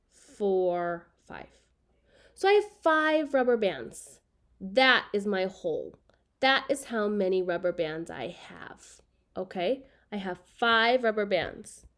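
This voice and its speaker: A woman teaching a children's math lesson, speaking patiently and repeating key words so students can write them down. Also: on the high side.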